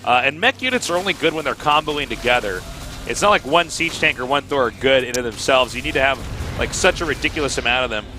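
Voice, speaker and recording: A man's voice: mid-range voice, animated, quick pace, pushed and bright, faint music behind. A man co-casting a strategy game match live, breaking down strategy as analytical color commentary. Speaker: esports co-caster.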